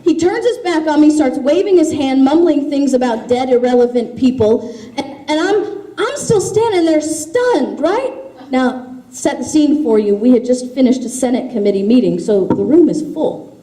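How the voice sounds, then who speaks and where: A woman's voice: sits high, expressive, normal speed, mellow. A woman giving an impassioned grassroots speech, telling stories with emphatic force. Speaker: grassroots activist speaker. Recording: echoey hall.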